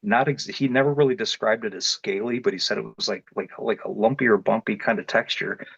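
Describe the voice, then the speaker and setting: A man's voice: on the low side, fairly quick, gravelly, slightly rough, no room sound. A man telling a personal story in a casual, rambling way, with many restarts and fillers. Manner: grows more animated and louder as the story builds. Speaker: interview guest telling his experience. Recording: dull lo-fi dry sound.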